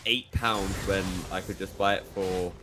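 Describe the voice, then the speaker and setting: Man, British accent, young adult, esports play-by-play, excitable, music underneath. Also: sits low, measured pace. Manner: excitable, rises sharply during plays. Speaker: esports caster. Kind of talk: play-by-play commentary. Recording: music playing behind.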